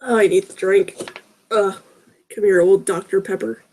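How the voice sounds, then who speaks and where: A woman's voice: medium pitch, fairly even intonation, measured pace, a little mellow. A woman reading fan fiction aloud with sarcastic, groaning asides. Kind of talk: mocking dramatic reading with commentary.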